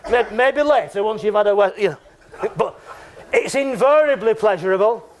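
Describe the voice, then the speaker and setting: Give me a man speaking at a conference, chatty and wry, with a high voice. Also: animated, normal speed. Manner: chatty and joking, with frequent tag questions. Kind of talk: conference talk. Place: lecture room.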